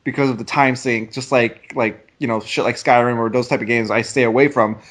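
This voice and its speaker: A games journalist with a middle-pitched voice, chatting casually on a podcast. He hunts for words, filling pauses with ums and likes as he describes what he saw. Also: steady tone, fairly bright tone. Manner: hesitant, many fillers, searching for words. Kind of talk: casual chat.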